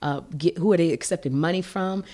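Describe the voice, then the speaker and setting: A middle-aged woman with a notably low voice, recounting a personal story as a guest in an interview. She speaks animatedly and with feeling, often restarting her sentences as she goes. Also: a little fast. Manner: animated, emotional, with frequent restarts.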